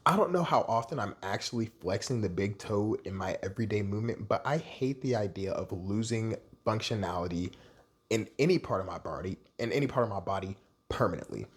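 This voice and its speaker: A man's voice: fairly low pitch, lively intonation, fairly quick, slightly rough. A young adult man vlogging in a candid, rambling, self-deprecating way. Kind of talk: casual personal vlog monologue.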